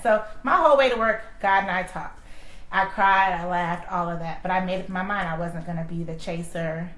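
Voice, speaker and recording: A woman's voice: on the low side, moderate pace, a bit bright, reverberant, poor audio. A woman guest telling her own love story, acting out quoted dialogue with laughs. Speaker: interview guest.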